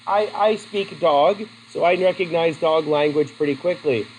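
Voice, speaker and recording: A man's voice: a little high, fairly even intonation, normal speed, slight background noise, poor audio. A man teaching a class in a classroom, chatty and asking his students questions. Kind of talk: classroom lesson.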